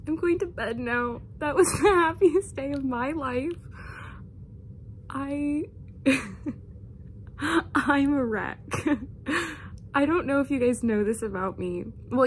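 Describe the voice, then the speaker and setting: A young woman with a high voice gushes excitedly in a casual vlog. She often laughs between her sentences. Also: a little hiss or hum. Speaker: book vlogger. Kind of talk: casual vlog book reaction.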